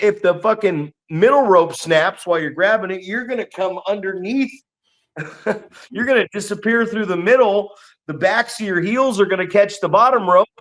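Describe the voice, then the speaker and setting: A man co-hosting a podcast and training wrestlers, telling stories in a blunt, profane way. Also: high voice. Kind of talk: casual profane podcast chat.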